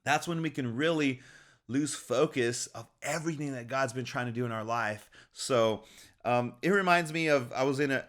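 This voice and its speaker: Guy doing an upbeat faith pep talk, encouraging, mid-pitched voice, laughs easy. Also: normal speed, a bit bright. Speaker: faith speaker.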